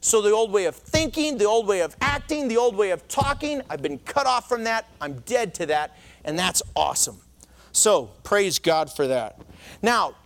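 Earnest man preaching a sermon. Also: high voice. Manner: earnest, conversational preaching with repeated restarts. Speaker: pastor. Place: church before a congregation.

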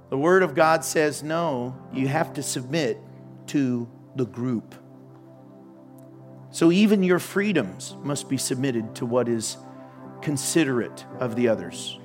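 A man preaching a sermon as pastor, joking and telling stories with sudden loud outbursts. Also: on the high side, unhurried, faint music behind.

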